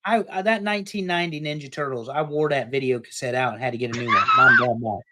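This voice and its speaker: A man co-hosting a casual panel chat, jokey and animated, swinging between loud bursts and quiet asides. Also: fairly high pitch, quick pace, very noisy. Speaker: podcast co-host.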